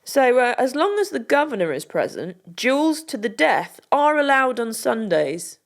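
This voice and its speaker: A woman's voice: a little high, sing-song, measured pace. British woman reading out bits and joking around, easy chat. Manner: chatty, reads out items and jokes along. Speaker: podcast co-host. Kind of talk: casual podcast chat.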